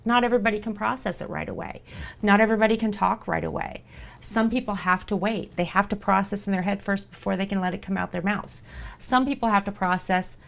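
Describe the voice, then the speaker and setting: A woman streaming live and speaking straight to her community. Her voice sits at an ordinary middle pitch, and her delivery is earnest and reassuring. She keeps coming back to the same words to drive her point home. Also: vocal fry. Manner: earnest and reassuring, repeats for emphasis. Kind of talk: live-stream chat to viewers.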